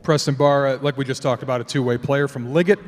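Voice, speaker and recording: A man emceeing a live player draft, brisk and wry, announcing picks and player details. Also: mid-range voice, steady tone, a little hiss or hum. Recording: long hall reverb.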